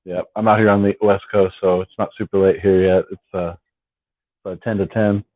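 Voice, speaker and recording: A man with a lowish voice hosts a relaxed late-night fan live stream, rambling along and often restarting his words. The sound is thin and phone-like, with no room echo at all. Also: normal speed. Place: at home on the West Coast. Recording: dry, tinny phone-like sound.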